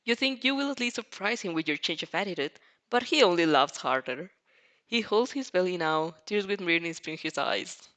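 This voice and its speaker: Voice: mid-range voice, animated, moderate pace, pushed and bright. A fanfic reader narrating a story aloud in a casual way, often stumbling over words and breaking into laughter. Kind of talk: reading a fanfic aloud with reactions.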